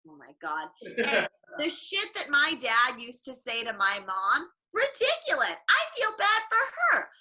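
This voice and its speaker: A woman's voice: high voice, huge pitch swings, unhurried, sharp tone, heavily acted. A woman comedian playing a jaded middle-aged space princess and mother, griping in a sardonic stand-up set. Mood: weary griping. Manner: sardonic, griping, mock-weary asides. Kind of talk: in-character stand-up. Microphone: livestream mic.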